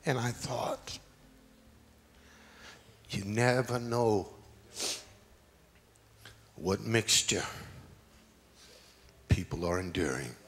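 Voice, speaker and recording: A middle-aged man, preaching a sermon as pastor with slow, dramatic storytelling and sudden loud peaks. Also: lowish voice, lively intonation, breathy edge. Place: large church sanctuary. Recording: long hall reverb.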